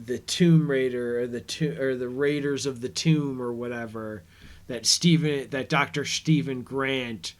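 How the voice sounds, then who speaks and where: Male podcast host, unhurried rambling recap, mid-pitched everyday voice. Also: clean tone. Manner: rambling, retells scenes with paraphrased quotes. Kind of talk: casual episode recap commentary.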